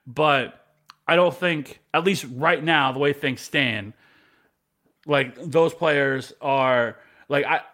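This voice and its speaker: A man co-hosting a fantasy sports podcast, talking casually with lots of swearing and animated storytelling. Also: a little high, slow. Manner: animated and profane, swears freely. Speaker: podcast co-host.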